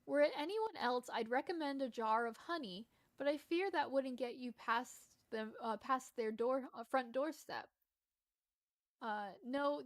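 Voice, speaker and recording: A woman's voice: high-pitched, dry recording. A woman with a lisp reading aloud the lines of a formal game quest giver, stumbling now and then. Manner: read aloud with stumbles and restarts.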